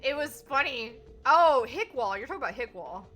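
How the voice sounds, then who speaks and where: A woman streamer from Kentucky chatting casually, with a slight stutter and quick restarts. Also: sits high, sing-song, a bit bright, soft background music. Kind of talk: casual chat.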